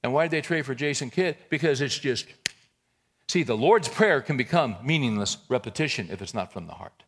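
A middle-aged male pastor preaching a sermon in a conversational way, moving between loud emphatic points and quiet, intimate passages. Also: medium pitch, expressive, fairly quick, husky.

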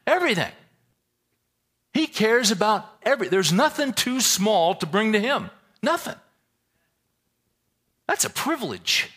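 A man preaching a sermon, lively and folksy, full of rhetorical questions and asides. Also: high-pitched, measured pace, pauses often. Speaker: pastor.

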